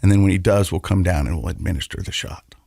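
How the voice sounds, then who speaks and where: A man's voice: deep voice, gravelly, warm tone, dry recording. Earnest man telling a story, dry sound. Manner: earnest, halting storyteller who repeats words. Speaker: podcast co-host. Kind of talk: personal storytelling on a podcast.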